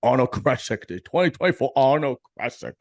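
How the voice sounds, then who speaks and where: A man's voice: medium pitch, animated, brisk. A man hosting a casual bodybuilding podcast, joking and swearing, rambling with restarts. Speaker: podcast host.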